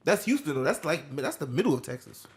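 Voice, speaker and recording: A man hosting a casual podcast who makes quick joking asides. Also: fairly high pitch, very animated. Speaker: podcast host. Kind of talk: casual chat.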